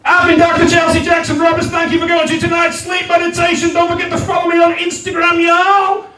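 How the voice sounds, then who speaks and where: A man imitating a woman leading a sleep meditation, hushed and slow with long pauses. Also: very high-pitched, completely flat delivery, pitched above the performer's own voice. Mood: soothing. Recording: roomy live venue, mic at a distance.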